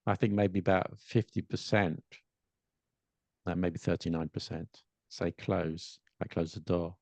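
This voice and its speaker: A man's voice: low voice, steady tone, gravelly, a little mellow, no room sound. A man from London with a London accent, co-hosting a podcast about learning English in casual, hesitant chat. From London, England. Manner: hesitant, repeats words, explains slowly. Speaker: podcast co-host, English teacher.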